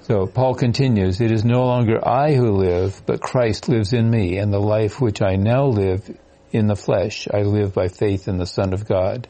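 A man in a Bible study group reading passages from a study guide and scripture in a steady voice. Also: lowish voice, moderate pace.

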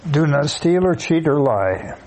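A man in a Bible study class reading a scripture passage aloud, steady but with small slips he corrects. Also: a little high, unhurried, low-quality recording.

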